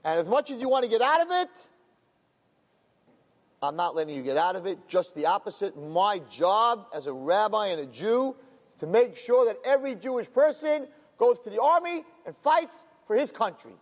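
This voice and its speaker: A man's voice: high voice, very animated, moderate pace, voice pushed up. A man playing a stern elderly rebbe giving a firm, solemn ruling, heard with a long hall reverb.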